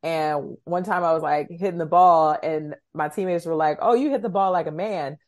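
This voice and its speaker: Woman, podcast co-host, lower voice, chatty, laughs often, casual storytelling. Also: normal speed. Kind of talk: casual chat.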